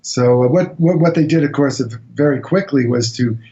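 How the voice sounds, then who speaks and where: A man recounting an expedition as a radio interview guest, telling it as a lively anecdote and acting out what people said. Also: medium pitch, normal speed, lo-fi sound. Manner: animated anecdotal storytelling, acts out quotes.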